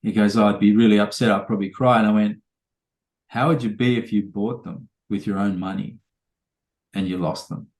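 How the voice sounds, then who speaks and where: A man's voice: lowish voice, steady tone, moderate pace, long pauses, echoey room. A man, a trainer telling rambling anecdotes full of quoted dialogue in a casual podcast interview.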